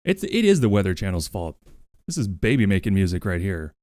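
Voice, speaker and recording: A man's voice: low-pitched, sing-song, fairly quick, a little mellow, no room sound, clean studio sound. A man streaming from home, chatting casually with his viewers, playful and crude, and he often sings along to music. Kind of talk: casual live-stream chat.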